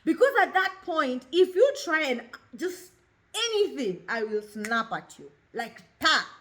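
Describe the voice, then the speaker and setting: A woman's voice: high-pitched, very animated, a little slow. A Kenyan woman in her thirties hosting a talk show, speaking openly and expressively, mixing English with Swahili. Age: 30s. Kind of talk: candid personal monologue.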